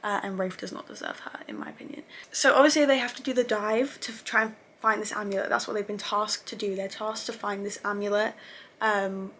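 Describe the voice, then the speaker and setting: A woman's voice: medium pitch, steady tone, a little fast, a bit bright, a little hiss or hum. A young woman casually recapping TV episodes, chatty and gushing, with lots of fillers and self-corrections. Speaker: TV review vlogger.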